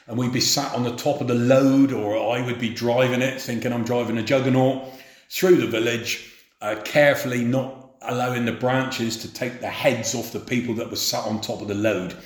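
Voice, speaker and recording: A man telling unhurried, anecdotal stories about his days as a farmhand. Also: medium pitch, fairly even intonation. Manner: unhurried, anecdotal, hesitant fillers. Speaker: former farmhand reminiscing. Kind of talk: spoken reminiscence. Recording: roomy echo.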